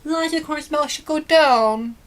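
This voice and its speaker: A woman's voice: high voice, moderate pace, pitched above the performer's own voice, natural voice. A woman voicing a stern, joyless male lord in a storybook reading, speaking harshly and muttering.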